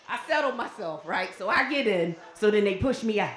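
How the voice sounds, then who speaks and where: Animated woman telling a comic story. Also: mid-range voice, fast, hardly any pauses, background noise. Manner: animated and comic, acts out her own panicked voice. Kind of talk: live storytelling performance. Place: stage before a live audience.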